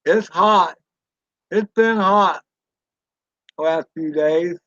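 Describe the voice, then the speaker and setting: A man with a Southern US accent chatting casually on a live stream, rambling and folksy with drawn-out fillers and mild swearing. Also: high voice, fairly bright tone, dry recording, highs cut off. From Southern United States. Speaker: drone channel host reading live chat.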